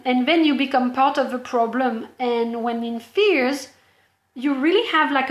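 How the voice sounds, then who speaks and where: High-voiced woman coach in an echoey room. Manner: earnest and explanatory, addressing the viewer directly. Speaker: business coach. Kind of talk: motivational coaching talk to camera.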